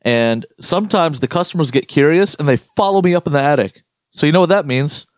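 A man's voice: on the high side, a little fast, dry recording, clean studio sound. A man co-hosting a casual chat, ranting with lots of swearing. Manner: profane, ranting, animated storytelling.

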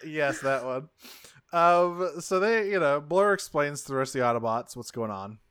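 A man's voice: fairly high pitch, expressive, normal speed, a bit bright, clean tone, dry recording. A man co-hosting a podcast, recapping a cartoon episode in casual chat, swearing freely and laughing as he goes. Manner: loose, swears often, laughs while talking. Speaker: podcast co-host.

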